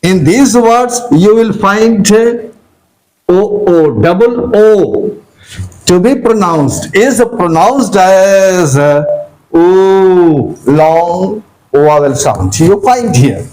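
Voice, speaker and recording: A man gives a pronunciation lesson in a high, unhurried voice. He spells words letter by letter, repeats them, and fills pauses with "uh" and "okay, dear". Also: expressive, a little mellow, poor audio. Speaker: English teacher.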